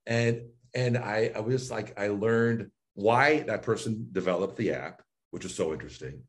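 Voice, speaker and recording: At normal speed and with a fairly low pitch, a male voice and speech coach explains his sessions in an interview. He acts out both sides of a coaching conversation with plenty of animation.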